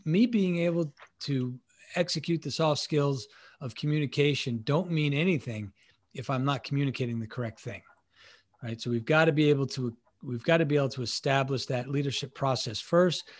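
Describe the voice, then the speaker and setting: A man's voice: medium pitch, normal speed. A middle-aged man in a conversational interview, explaining leadership and acting out bits of dialogue. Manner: animated, acts out dialogue with quotes. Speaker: guest, leadership author.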